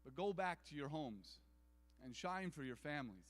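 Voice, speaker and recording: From a stage in a large event hall, a man with a fairly high, expressive voice delivers an earnest, inspirational speech at normal speed. He leans on repetitive rallying phrasing, and the recording carries a long hall reverb.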